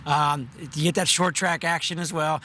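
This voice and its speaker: A man's voice: a little high, moderate pace. A man, a racetrack president, answering interview questions casually with a tired voice and plenty of fillers. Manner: relaxed, talkative with many fillers.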